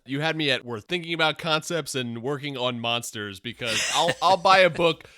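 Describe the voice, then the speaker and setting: A male podcast host with a bright voice keeps the interview light and upbeat. The recording is dry and close-miked. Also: on the high side, dry recording. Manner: upbeat, quick to laugh. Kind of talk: casual interview.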